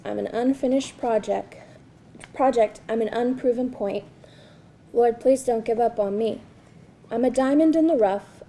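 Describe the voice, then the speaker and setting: Gravelly woman reading poetry aloud. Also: fairly high pitch, mellow, slight background noise. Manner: slow, earnest, repetitive refrain. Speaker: poet reading her work. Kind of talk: spoken word poetry reading.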